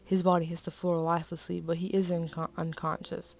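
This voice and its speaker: Woman with a low gravelly reading voice. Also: little pitch movement, brisk. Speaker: author reading her story. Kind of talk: casual reading of own fiction.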